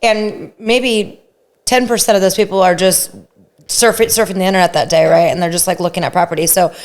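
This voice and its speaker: A woman co-hosting a casual podcast, animated and a bit over the top, with blunt remarks. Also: fairly low pitch, fairly quick. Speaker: podcast co-host, real estate agent. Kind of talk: casual chat.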